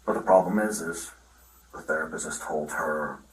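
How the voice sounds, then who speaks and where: A man's voice: rumbling low, a little hiss or hum. Roomy, distant middle-aged father rambling. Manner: rambling, halting account with many restarts. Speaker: father speaking to police. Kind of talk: recounting events in a conversation. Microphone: police body camera. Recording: roomy, from far off the mic.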